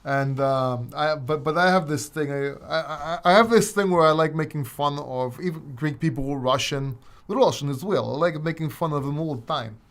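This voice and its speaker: A man hosting a casual crypto livestream, answering viewer questions in a rambling, joking way with plenty of laughter. His voice sits fairly high for a man. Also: normal speed. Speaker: crypto channel host.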